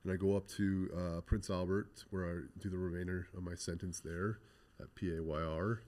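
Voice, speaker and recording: A man's voice: low-pitched, normal speed. A man, a guest graffiti artist, telling his life story in an interview, blunt and profane, acting out past conversations. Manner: blunt, profane, animated retelling with quoted dialogue.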